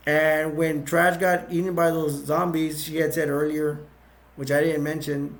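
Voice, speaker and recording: A man reviewing a movie by retelling its plot in a rambling, halting way, with many restarts. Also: on the high side, flat delivery.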